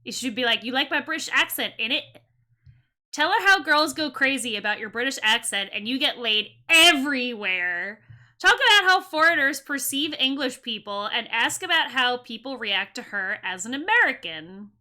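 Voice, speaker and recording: A woman's voice: high voice, animated, normal speed, pushed and bright. A woman streamer giving live commentary on a game, sarcastic, reading options and chat messages aloud.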